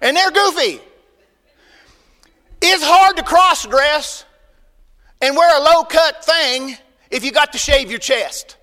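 A man preaching a sermon as pastor, folksy and emphatic, swinging between loud bursts and quiet asides. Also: very high voice, slow, big-room sound.

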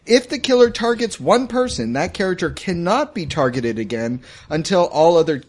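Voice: medium pitch, lively intonation, normal speed, a little mellow. A game master casually reading out and explaining the rules of a tabletop horror game. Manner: reads rules aloud, casual. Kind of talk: tabletop role-play chat.

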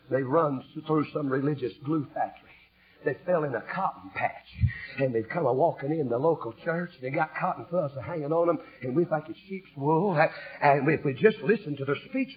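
A preacher man delivers a revival sermon in rhythmic bursts, his high voice swinging widely as he climbs to shouts and sinks back low. The recording sounds dull and lo-fi. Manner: rhythmic, rising to shouted peaks then dropping low.

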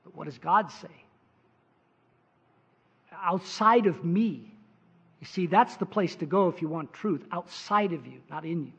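Male pastor, high voice, emphatic sermon delivery, dull lo-fi recording. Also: lively intonation, a little slow, gravelly, long pauses, fairly bright tone, husky. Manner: emphatic preaching with frequent "uh" fillers, rising pitch for stress.

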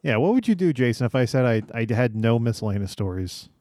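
A man's voice: medium pitch, very animated, fast talker, darkish tone, no room sound, studio quality. A man in a casual podcast chat, laid-back and terse.

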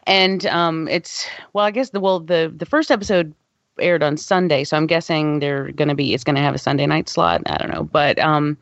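A woman's voice: low-pitched, moderate pace, no room sound. A woman chatting casually as a podcast co-host, enthusiastic with many hesitant fillers. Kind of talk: casual chat. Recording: dry, muffled lo-fi audio.

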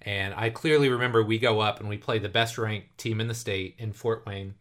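A man in his thirties hosting a podcast, telling stories in an animated way and acting out the voices he quotes. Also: fairly low pitch, fairly quick. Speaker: podcast host and youth coach. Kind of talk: casual podcast conversation.

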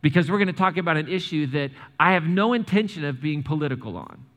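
Animated pastor in a reverberant hall. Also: male voice, a little high, fast. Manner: animated, repeats and restarts words, talks directly to the congregation. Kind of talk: sermon with church announcements. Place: church sanctuary.

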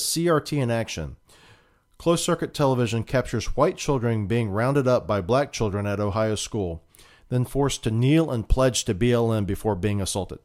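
A man's voice: fairly low pitch, a little mellow. A man hosting a political talk show, delivering emphatic, indignant commentary and often repeating himself.

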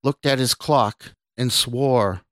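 A man, the podcast host, reading a horror story he wrote, in a measured, deliberate narration. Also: mid-range voice, a bit bright, dry recording, clean studio sound.

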